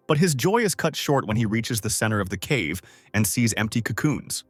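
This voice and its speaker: A man narrating a comic story recap as scripted narration, voicing each character's lines by raising his pitch. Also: normal speed, no room sound, soft background music. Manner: lively, voices characters with higher pitch.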